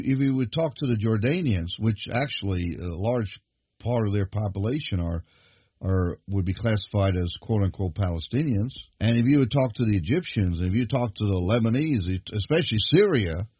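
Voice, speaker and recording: A low, husky-voiced man preaching a sermon, pressing his points with rising emphasis. The sound is dry and close, with a dull, lo-fi quality to the recording. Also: animated, normal speed, a little mellow, no room sound. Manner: emphatic preaching, building in pitch and force.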